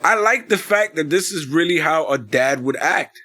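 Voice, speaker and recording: Bright, lively high-voiced man ranting. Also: normal speed. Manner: profane, excitable, slangy. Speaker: podcast co-host. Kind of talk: casual wrestling recap banter.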